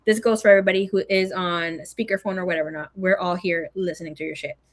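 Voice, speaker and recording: A young adult woman, telling a story in a casual, animated way, swearing a lot and acting out what people said. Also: on the low side, quick pace.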